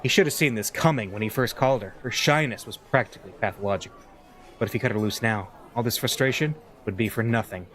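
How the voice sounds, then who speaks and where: A man's voice: mid-range voice, quick pace, a bit bright. A man playing a visual novel, reading the story aloud with amused, chuckling commentary. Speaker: let's play gamer.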